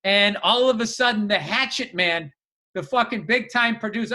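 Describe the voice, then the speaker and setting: A man telling profane, animated comedic stories in casual podcast chat. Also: very high voice, measured pace. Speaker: podcast co-host.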